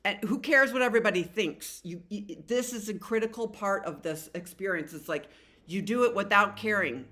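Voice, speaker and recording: A woman's voice: medium pitch, brisk. A middle-aged woman giving a casual tarot reading, rambling with many fillers and restarts and casual swearing. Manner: animated voices when quoting the cards. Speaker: tarot reader.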